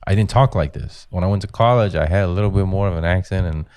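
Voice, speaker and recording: Low-voiced comedian, loose and profane. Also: male voice, fast, a little mellow, clean tone, no echo. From Mexican-American. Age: 40s. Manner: loose, profane storytelling that jumps into mocking quoted voices. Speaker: comedian guest. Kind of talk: casual podcast chat.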